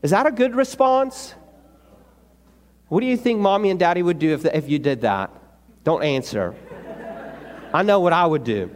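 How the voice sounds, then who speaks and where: A man preaching a sermon, animated, acting out the people's replies in a lower voice. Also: a little fast, slight background noise. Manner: animated preaching, acts out the people's lines with pitch drops. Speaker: pastor. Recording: long hall reverb.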